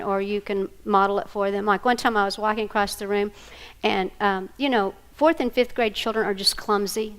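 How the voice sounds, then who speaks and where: A woman's voice: mid-range voice, clear, resonant tone. A woman, teaching a workshop to a live audience, telling stories and checking in with her listeners. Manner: animated, storytelling, checks in with listeners. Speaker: workshop presenter.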